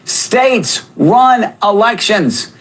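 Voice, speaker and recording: Tv news commentator guy, pretty high voice, indignant, keeps restarting his sentences. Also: lively intonation, drawn-out words, fairly bright tone.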